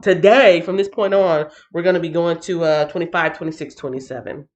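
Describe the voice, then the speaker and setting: A woman's voice: on the low side, fairly quick, darkish tone, highs cut off. A woman hosting a Bible reading livestream in a playful, chatty way, laughing often and talking straight to her viewers. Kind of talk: casual livestream chat.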